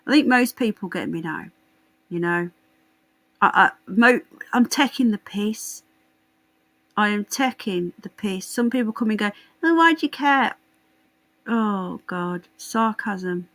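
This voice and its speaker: A woman's voice: fairly high pitch, a bit bright, poor audio. A woman hosting a live stream, chatting casually with viewers in a blunt, sarcastic and sweary way. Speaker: livestream host.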